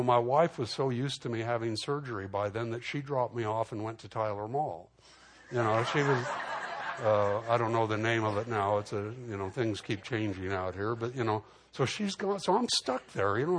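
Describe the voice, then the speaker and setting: A man preaching in a storytelling way, casual and full of "you know" fillers and restarts, getting animated as he retells conversations. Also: mid-range voice. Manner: animated when retelling exchanges. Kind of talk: storytelling sermon testimony.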